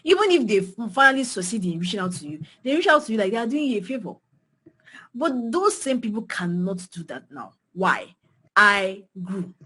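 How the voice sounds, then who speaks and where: Nigerian woman, husky voice, fired up mentoring talk, keeps repeating herself for emphasis, pitch jumps all over. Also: very animated, moderate pace. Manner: emphatic, swings pitch and loudness widely, repeats phrases for emphasis. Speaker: design mentor speaking to beginners. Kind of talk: passionate motivational talk.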